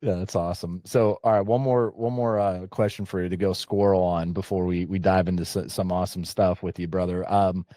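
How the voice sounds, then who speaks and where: A man's voice: deep voice, fairly even intonation, fairly quick, few pauses, mellow, no room sound. A man hosting a podcast, chatting casually and rambling through a long story with lots of restarts. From Pennsylvania. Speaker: podcast host.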